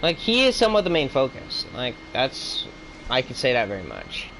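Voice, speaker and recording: A man's voice: medium pitch, huge pitch swings, moderate pace, noisy background. A man giving a heated, profane opinion rant as a video reviewer. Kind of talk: ranting opinion commentary.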